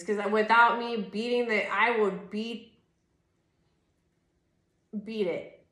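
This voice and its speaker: A fairly high, sharply bright woman's voice in her thirties, rambling through a tarot reading as an exasperated, profane rant. She fills every pause with "like" and curses freely. The room around her rings with a noticeable echo. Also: fairly even intonation. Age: 30s. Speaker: tarot reader. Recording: echoey room.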